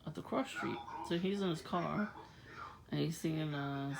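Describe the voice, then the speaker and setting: A woman's voice: medium pitch, lively intonation, unhurried, vocal fry, crowd noise, poor audio. A woman talking casually to camera, laughing often as she rambles through a story. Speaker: vlogger. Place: outdoors at night.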